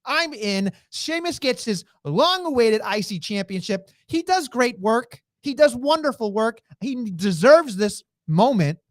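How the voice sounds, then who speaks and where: Excitable podcast cohost chatting wrestling, lively voice, dry room, lotta fillers. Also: mid-range voice, a little slow, hardly any pauses, no echo. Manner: animated and excitable, lots of fillers. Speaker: podcast co-host. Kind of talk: casual wrestling chat.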